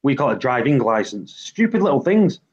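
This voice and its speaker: British man, husky voice, lo-fi dull online call audio, reads off word pairs. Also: mid-range voice, big pitch swings, moderate pace. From Britain. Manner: reads out lists of word pairs, laughs often. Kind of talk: casual group chat.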